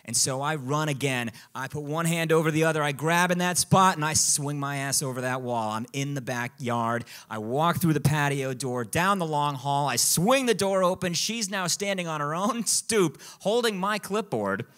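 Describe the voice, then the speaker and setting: A man telling a comic personal story on a live stage, in an animated, self-mocking way. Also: on the high side, normal speed, few pauses. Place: live performance venue.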